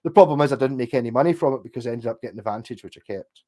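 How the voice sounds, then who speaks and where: Male streamer, mid pitch, loose sweary rambling chat. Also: very fast, warm tone. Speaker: livestream host. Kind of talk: casual livestream chat.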